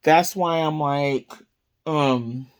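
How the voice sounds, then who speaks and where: A woman talking casually to her viewers in a relaxed home vlog. She rambles from one thought to the next, filling gaps with "like" and "um." She breaks into giggles often. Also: low-pitched, very slow, smooth. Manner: rambling, giggly, lots of fillers. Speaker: vlogger. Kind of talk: casual chatty haul vlog.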